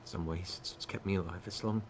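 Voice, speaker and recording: A man voicing a bitter, heartbroken young woman fighter in a tabletop game, speaking softly with a shaky, near-whispered voice. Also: low voice, fairly even intonation, fast, noisy background, close to an everyday voice. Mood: weary. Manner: soft trembling voice, near whisper.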